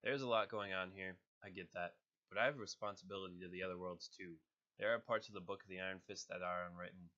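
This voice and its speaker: A man voicing a calm, dutiful young martial artist in close to his own voice, slightly nasal from a cold. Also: low-pitched, fast talker, muffled recording. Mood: earnest.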